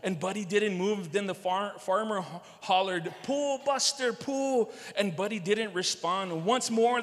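A man's voice: high voice, fairly bright tone. A male pastor preaching a sermon to his congregation, repeating key phrases for emphasis and speaking to them directly. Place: large church sanctuary. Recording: long hall reverb.

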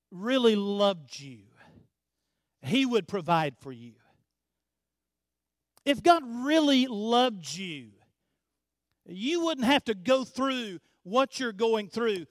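A male pastor with a high voice delivers a sermon at an unhurried pace. He repeats key phrases and poses rhetorical questions, often letting his voice sink to a near whisper. The sound is close and dry, with no room echo. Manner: drops to a hush at the end of phrases.

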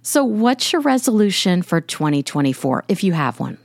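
A woman hosting an interview podcast, asking questions in a calm, measured way. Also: fairly low pitch, gravelly, no room sound, studio quality. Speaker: podcast host. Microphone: studio microphone.

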